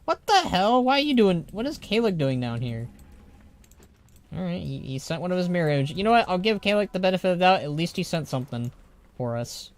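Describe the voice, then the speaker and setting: A man's voice: on the high side, animated, brisk. A man streaming a game live, reading the text aloud with chatty, joking commentary.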